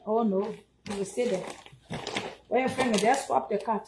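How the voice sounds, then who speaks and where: A woman's voice: on the high side, moderate pace, background noise. A woman with a Liberian English accent hosting a casual livestream, chatty and preachy as she urges viewers to give donations. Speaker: livestream host.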